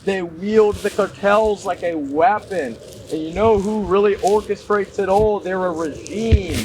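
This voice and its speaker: Brief: emphatic conspiratorial ranter, man, high voice, unhurried, background noise. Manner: emphatic, repetitive, addresses viewers as y'all; conspiratorial ranting. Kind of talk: casual commentary. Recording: noisy background.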